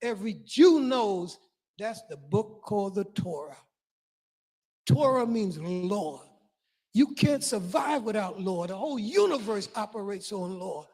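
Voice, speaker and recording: An older man giving an impassioned public address, building lists with emphasis and swinging between loud declarations and quiet appeals. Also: high-pitched, big pitch swings, a little slow. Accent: non-Guyanese. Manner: preacherly, emphatic lists, rising and falling volume. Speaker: community speaker.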